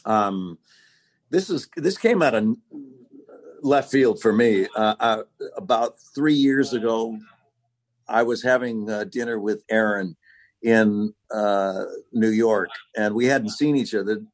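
A man chatting on a podcast, slow and relaxed, with many fillers. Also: lowish voice. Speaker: podcast guest. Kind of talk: casual chat.

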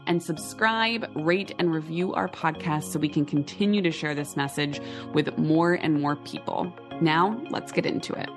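A woman with a low voice reads a scripted podcast intro. Her delivery is warm and inviting. Clear music plays behind her. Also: normal speed.

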